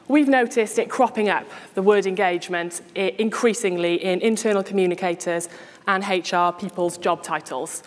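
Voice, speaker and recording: A woman giving a brisk conference presentation. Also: fairly low pitch. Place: conference hall. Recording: long hall reverb.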